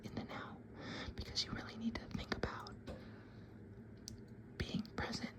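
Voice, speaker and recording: A man's voice: moderate pace, natural voice. A man whispering as a mock-solemn ASMR coffee guru, in whispered role-play. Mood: mock-serene.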